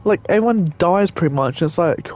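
Faint music plays behind a young gaming host as he rambles through a game, chatting with viewers and swearing from time to time. He sounds animated and fairly quick, his high voice carrying a darkish tone.

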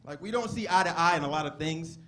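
A young man telling stories in a stand-up comedy set on a club stage, animated and given to drawn-out exclamations. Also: fairly high pitch.

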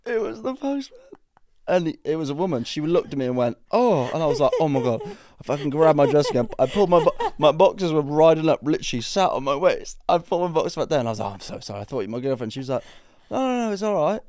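A young man co-hosting a podcast, telling stories in an animated way and laughing often. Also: fairly high pitch, quick pace, no room sound, studio quality. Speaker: podcast co-host. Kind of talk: casual chat.

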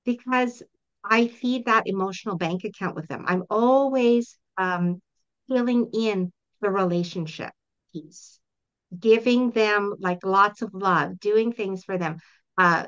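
A woman's voice: medium pitch, a little slow. A middle-aged woman, a parent coach, giving earnest, explanatory answers in an interview and acting out example talks with a child. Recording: dull lo-fi audio.

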